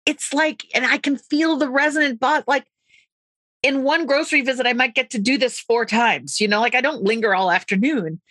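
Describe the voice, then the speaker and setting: A middle-aged woman from the United States talks with bright, ringing energy, full of quick asides. Her voice sits close and dry, with no room around it. She tells stories with warm enthusiasm in a relaxed interview. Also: sits high, no room sound. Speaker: author and podcast guest. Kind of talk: animated conversational interview.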